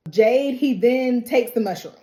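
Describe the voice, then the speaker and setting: A woman talks through a TV episode in a relaxed, chatty recap. Her voice sits slightly high, and she keeps it lively with sassy side comments and frequent laughs. The room around her gives off a noticeable echo. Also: a little slow. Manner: animated, sassy asides, laughs often. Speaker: TV recap host. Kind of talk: casual recap and reaction.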